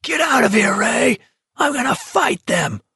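A man doing a hoarse raging young walker. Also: very high voice, sing-song, unhurried, no echo, clean studio sound, pitched above the performer's own voice, exaggerated voice. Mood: furious. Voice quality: raspy strained yelling. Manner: hoarse defiant shouting. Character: desperate furious young male walker.

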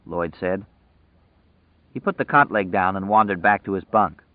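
A man narrating a story in a measured, vivid storytelling manner, over tinny phone-like audio. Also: deep voice, dry recording. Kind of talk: scripted narration.

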